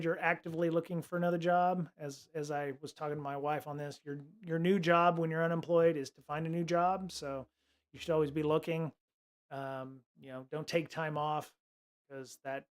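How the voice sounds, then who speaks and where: A man hosting a casual tech livestream, rambling along with lots of fillers and restarts. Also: a little high. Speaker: livestream host.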